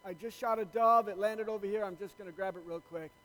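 A man's voice: high voice, fairly even intonation, quick pace, a bit bright, in a large hall, rough recording. A man voicing a pompous, flustered big-city male lawyer in a joke, stammering and boasting.

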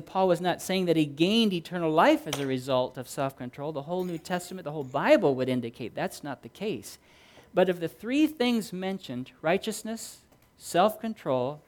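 Earnest male pastor preaching a sermon. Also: high voice. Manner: earnest, storytelling, swings between loud emphasis and quiet.

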